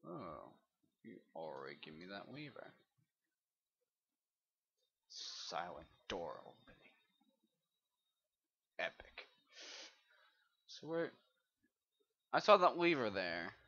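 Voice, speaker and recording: A man's voice: on the low side, wildly swooping pitch, measured pace, long pauses, pushed and bright, slightly rough. A man rambling and swearing through casual commentary while he plays a video game, muttering to himself, over a dull lo-fi mic. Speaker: gamer doing a let's play.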